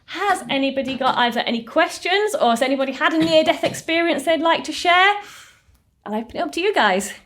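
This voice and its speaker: A woman's voice: animated, brisk, a bit bright. A woman, a therapist telling stories in a recorded talk to a group. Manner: earnest storytelling, slightly higher pitch.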